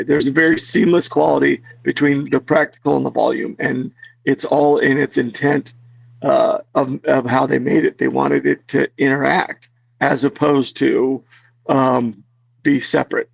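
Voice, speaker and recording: A man's voice: mid-range voice, steady tone, moderate pace, vocal fry, slightly rough, no echo. A man being interviewed as a guest, telling restless, rambling stories in casual chat with lots of fillers. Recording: dull, lo-fi, dry sound.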